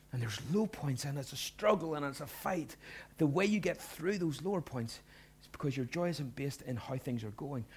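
A middle-aged male pastor giving a sermon, earnest, dropping to hushed lines and rising to loud emphatic bursts. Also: on the high side.

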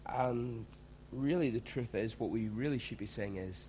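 A man's voice: mid-range voice, very animated, normal speed, few pauses, warm tone, a little hiss or hum, low-quality recording. A man, preaching a conversational sermon and acting out quoted voices.

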